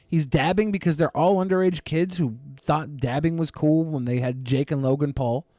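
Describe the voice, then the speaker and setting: A man's voice: fairly high pitch, moderate pace, mellow, no room sound, studio quality. A man co-hosting a podcast, talking casually in a profane, sarcastic and mocking way. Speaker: podcast co-host. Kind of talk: casual commentary chat.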